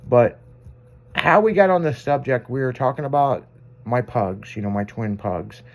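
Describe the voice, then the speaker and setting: A man's voice: mid-range voice, moderate pace, gravelly, muffled recording. Guy hosting an afternoon radio show, swearing a lot, rambling through funny stories. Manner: rambling, profane, self-amused anecdotes. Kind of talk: casual on-air storytelling.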